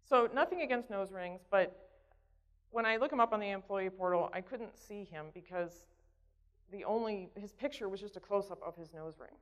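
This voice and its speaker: A woman's voice: medium pitch, normal speed. A woman telling a story at a conference, chatty and conversational, often checking in with the audience. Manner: conversational, keeps asking "right?". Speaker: conference speaker. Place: conference hall stage. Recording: dull sound in a reverberant hall.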